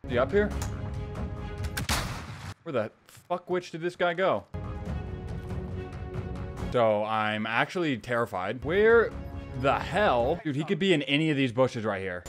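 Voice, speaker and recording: Excitable profane male gamer, lively pitch. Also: unhurried, pauses often, music in the background. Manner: profane, excitable, frequent yelling. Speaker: gaming YouTuber. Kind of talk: casual gameplay commentary.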